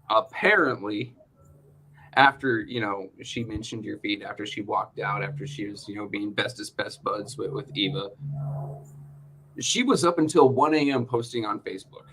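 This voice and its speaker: A man's voice: mid-range voice, a bit bright, a little hiss or hum. A male show host ranting in casual chat, joking and swearing freely.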